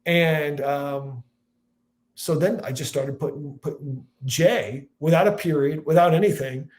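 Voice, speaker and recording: A man in his forties from Illinois, a football analyst telling stories as a podcast guest, rambling and animated. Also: a little high, a little slow. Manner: animated, rambling storyteller with restarts and voiced quotes. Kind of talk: casual storytelling chat.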